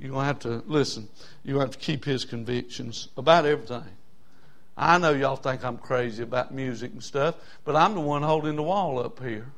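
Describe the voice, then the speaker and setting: A male pastor preaching a sermon, fervent and folksy, moving from quiet asides to loud hollering. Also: mid-range voice, a little fast.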